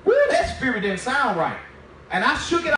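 A man preaches his testimony with a high, bright voice, telling the story with animation and slipping into the voices of the people in it. He stands away from the mic, and the room rings with heavy echo under a faint background hiss. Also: moderate pace. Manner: animated storytelling, acts out dialogue. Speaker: minister giving testimony. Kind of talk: testimony sermon. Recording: very echoey, distant from the mic.

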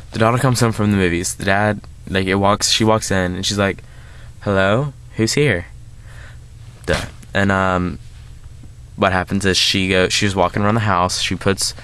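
Man, casual movie review host, rambling, many fillers, deep smooth voice. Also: a bit bright. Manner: rambling, lots of filler words and restarts.

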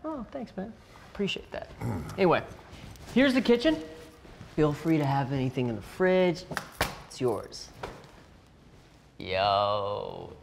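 An actor playing a boastful, friendly young rapper who talks in laid-back slang. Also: male voice, mid-range voice, very animated, takes it slowly, gravelly, pauses often, slight background noise, exaggerated voice. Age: young adult. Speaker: rapper, landlord.

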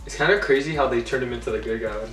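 A man's voice: mid-range voice, racing, a bit bright. A young man co-hosting a trailer reaction, chatting casually with blunt, laid-back one-line verdicts. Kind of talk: casual chat. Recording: echoey room, distant mic, faint music.

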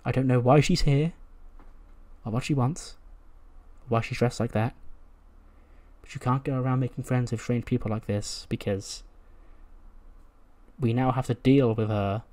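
A man's voice: mid-range voice, fairly even intonation, normal speed, long pauses, darkish tone. A man giving casual, rambling, jokey commentary on a game he is playing. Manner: rambling, jokey, slangy storytelling. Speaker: gaming YouTuber. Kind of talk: casual let's-play commentary.

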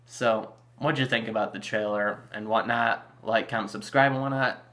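Man, gaming channel host, casual rambling commentary, bright tense voice. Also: on the low side, fairly even intonation, normal speed. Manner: chatty, rambling with fillers and restarts.

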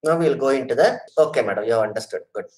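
A middle-aged Indian man delivers an earnest online lecture with audience questions, repeating his phrases and calling listeners "sir" and "madam." His medium-pitched voice is expressive and darkish in tone, and he races along. The recording is low quality.

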